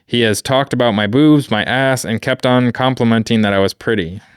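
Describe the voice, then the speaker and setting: A man's voice: mid-range voice, normal speed, clear, resonant tone, dry recording, clean studio sound. A man co-hosting a podcast, reading a story aloud in a laid-back way with profane, wry asides. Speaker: podcast co-host reading stories. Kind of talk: casual chat and reading aloud.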